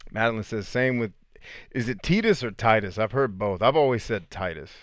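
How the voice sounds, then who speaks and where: A man hosting a casual livestream, chatting with viewers in an animated, joking way and swearing freely. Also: lowish voice, brisk, no room sound, studio quality. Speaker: podcast host answering live chat.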